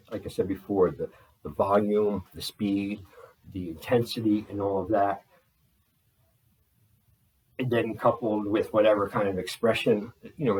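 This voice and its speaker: A man talking in a rambling video journal, holding back a restless energy and slowing himself down on purpose. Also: fairly low pitch, darkish tone, distant mic, low-quality recording. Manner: restless, deliberately slowed and restrained delivery; frequent fillers and restarts. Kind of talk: rambling personal journal talk. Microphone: laptop.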